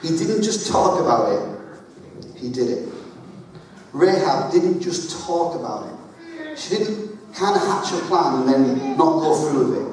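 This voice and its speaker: A man's voice: a little high, big pitch swings, a little slow, long pauses, darkish tone, slight background noise. A man preaching a chatty, emphatic sermon full of jokes, in a large church hall. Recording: echoey hall, voice from far off.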